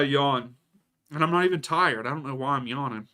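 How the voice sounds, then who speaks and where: Hosting a watchalong stream, a young man with a slightly high, bright, forceful voice commentates on a match at a moderate pace. He keeps things casual, reacting to the action and replying to viewers by calling out their names from chat.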